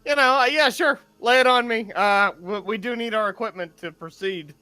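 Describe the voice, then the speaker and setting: A man's voice: sits high, moderate pace, music in the background. A man playing a tabletop game, chatting in a wry, joking way. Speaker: player. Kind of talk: casual chat at a game table.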